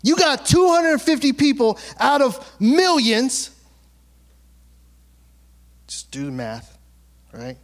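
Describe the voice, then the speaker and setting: Lively high-voiced pastor preaching casually. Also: male voice, takes it slowly, pauses often. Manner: conversational, playful, acts out quotes, laughs often. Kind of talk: sermon.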